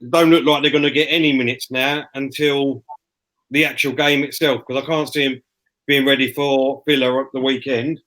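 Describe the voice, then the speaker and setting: A man's voice: mid-range voice, level tone, moderate pace, fairly bright tone, rough recording. A man speaking as a podcast guest, earnestly giving his frank, rambling take on his team. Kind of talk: casual football opinion.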